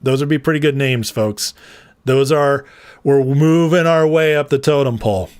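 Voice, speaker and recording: A man's voice: medium pitch, normal speed, darkish tone, clean tone, no echo, studio quality. A man hosting a casual political commentary livestream, chatty and rambling, laughing often as he talks to his viewers.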